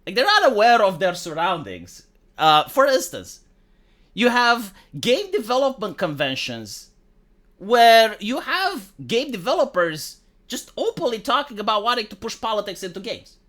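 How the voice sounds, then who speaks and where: A sarcastic man rants through his commentary in a high, lively voice that rises and falls a lot. His tone is bright and sharp, and his language is crude. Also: normal speed. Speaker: commentary vlogger. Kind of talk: opinion commentary rant.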